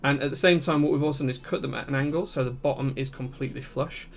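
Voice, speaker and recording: A man's voice: mid-range voice, steady tone, fast talker, a little hiss or hum. A man, hosting a live stream where he walks through a build step by step and answers chat. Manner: methodical step-by-step explaining, reading chat aloud.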